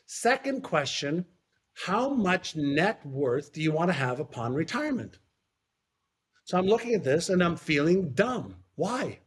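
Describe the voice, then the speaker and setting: Brief: a male guest with a high voice, telling a story with lots of energy and repeated words. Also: a little slow. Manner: animated, repeats words for emphasis, swears casually. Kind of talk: storytelling in a conversation.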